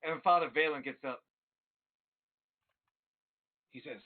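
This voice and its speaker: A man's voice: on the high side, fairly quick. A man narrating as dungeon master in a live-streamed tabletop game, loose and profane. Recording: tinny phone-like audio.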